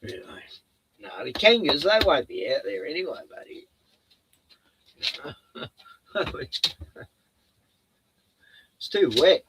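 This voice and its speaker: Middle-aged Aussie man, slow, gravelly, swears freely, rambles, breaks into laughs, baby-talks his dog. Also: on the high side, big pitch swings, heavy background noise. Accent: Australian. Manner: profane, chatty, laughs often, coos at his dog. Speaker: streamer. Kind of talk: rambling casual monologue.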